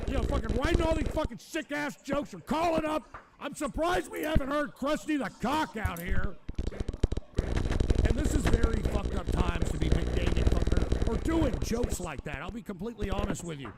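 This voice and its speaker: A man's voice: high voice, wildly swooping pitch, moderate pace, creaky. A man hosting a live stream, exasperated and profane, swearing constantly while drinking whisky. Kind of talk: casual livestream rant. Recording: loud background noise.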